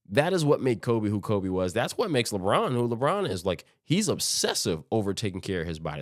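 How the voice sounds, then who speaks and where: A man hosts a solo sports podcast, rambling casually through his points, often restarting sentences, and quoting imagined teams in offhand voices. His voice is on the low side with big pitch swings, and he talks fairly quickly with hardly any pauses. The studio-quality recording has no echo.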